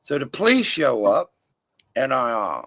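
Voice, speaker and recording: A man's voice: medium pitch, very animated, unhurried, fairly bright tone, no echo. A man in a casual chat, telling a crude, profane story in a rowdy way. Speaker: guest storyteller.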